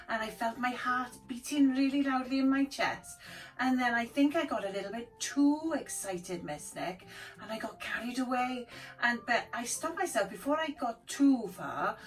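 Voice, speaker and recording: A woman voicing a friendly, polite young cat puppet who talks eagerly like a child. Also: a little high. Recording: distant mic, faint background music.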